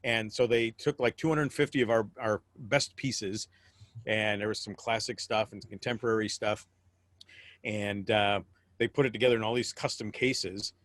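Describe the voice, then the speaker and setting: A man's voice: on the low side, steady tone, moderate pace, fairly bright tone, dry recording. A middle-aged American man with a rambling, restart-filled way of talking, chatting as a guest on a video call. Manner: rambling storyteller with frequent restarts. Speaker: guest, memorabilia collector. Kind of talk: casual video call chat.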